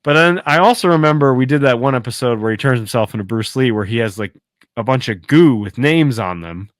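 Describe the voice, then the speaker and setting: A man's voice: mid-range voice, lively intonation, fairly quick, no echo. A man hosting a podcast, casually recapping an episode in a laid-back storytelling way, with swearing. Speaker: podcast host.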